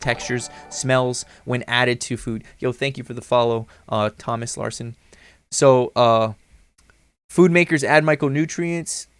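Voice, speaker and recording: A man's voice: mid-range voice, fairly bright tone, no echo. A man in his thirties hosting a livestream, talking casually in a slangy, profane, rambling way. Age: 30s. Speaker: livestream host.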